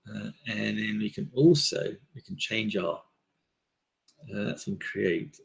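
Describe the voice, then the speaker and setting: A man's voice: on the low side, fairly even intonation, takes it slowly, creaky, husky. A man hosting a casual live stream, rambling through products with lots of fillers into a desk microphone. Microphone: desk microphone on a table stand.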